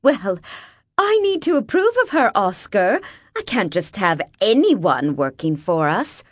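A woman's voice: mid-range voice, sing-song, unhurried, dry recording. A woman voicing a curt, sneering older rich wife with a cold manner. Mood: haughty.

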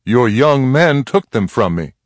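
A man's voice: deep voice, big pitch swings, slow, no room sound, exaggerated voice. A man voicing a proud, steadfast frontier mother in a read-aloud western, speaking firmly and with dignity. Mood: firm, dignified. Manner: firm, dignified, plainly spoken.

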